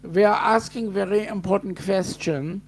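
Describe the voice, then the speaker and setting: A man's voice: sits high, normal speed, voice pushed up. A man putting on a mock German accent, greeting a friend in stiff, broken English. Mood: jokey greeting. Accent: put-on German. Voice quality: broken, overly formal English.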